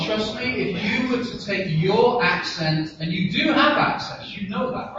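A man's voice: high-pitched, expressive, normal speed. A man, teasing and playful as he talks casually to an audience. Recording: distant, echoey, muffled, noisy room.

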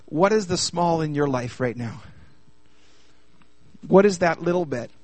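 A man preaching a sermon in an animated way, asking the audience many rhetorical questions. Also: fairly high pitch, a little slow, no echo.

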